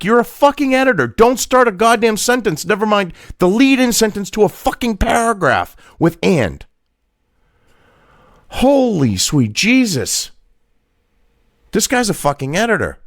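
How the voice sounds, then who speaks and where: A man's voice: high voice, dry recording, studio quality. A man, hosting a profane rant reacting to a news article, angry and mocking and swearing constantly. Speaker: political commentary host.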